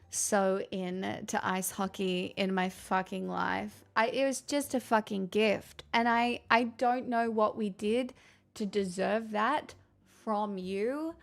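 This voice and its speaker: A woman's voice: medium pitch, vocal fry. Chatty young Australian woman streamer. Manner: rambling, chatty, swears freely. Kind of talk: casual livestream chat.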